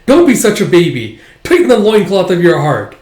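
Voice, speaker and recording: A man voicing a gruff father who loudly scolds his son. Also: a little high, very animated, fairly quick, echoey room. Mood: scolding. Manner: loud, scolding.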